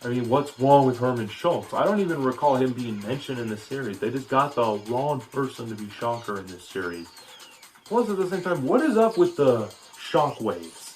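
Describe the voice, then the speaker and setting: A man's voice: mid-range voice, lively intonation, normal speed, a little mellow, faint music behind. A man giving a casual, opinionated critique of a cartoon, rambling with frequent restarts. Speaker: video commentator.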